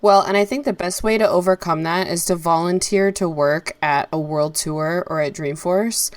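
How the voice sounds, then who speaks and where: Woman co-host, low pitch, dry close sound, rambling conversational questions. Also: moderate pace, dry recording. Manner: chatty, rambling, asks questions. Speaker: podcast co-host. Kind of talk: casual interview chat.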